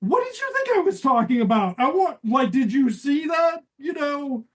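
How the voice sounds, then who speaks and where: A woman's voice: sits high, very animated, normal speed, pitched above the performer's own voice. A woman podcast host voicing a brash, greedy middle-aged sitcom wife while mockingly retelling a scene.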